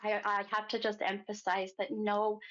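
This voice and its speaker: A woman hosting a psychic show, giving a gentle reading to a caller and calling her hon. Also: medium pitch, flat delivery, normal speed. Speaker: psychic medium host. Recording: muffled lo-fi sound.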